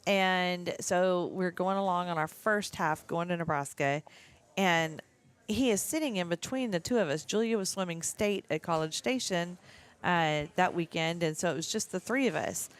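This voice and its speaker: A woman's voice: lowish voice, moderate pace, smooth. Giggly woman telling stories. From Texas. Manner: giggly storyteller, laughs often. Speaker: podcast co-host. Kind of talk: casual chat.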